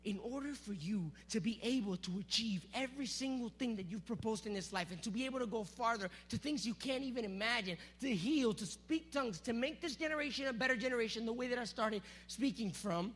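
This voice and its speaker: A man preaching to a youth group, energetic and teasing, calling out to the crowd. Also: very high-pitched, fairly quick, few pauses, breathy edge. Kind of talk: sermon with object lesson.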